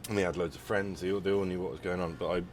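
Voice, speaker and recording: A man's voice: low-pitched, fairly even intonation, rapid-fire, a little hiss or hum. A man hosting a podcast, talking in a rambling casual way with many restarts. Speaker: podcast host. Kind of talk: casual conversation.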